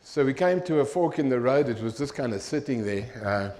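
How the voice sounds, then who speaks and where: An older man, giving a humorous, animated storytelling talk to an audience as a keynote speaker. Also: mid-range voice, moderate pace, a crowd in the background.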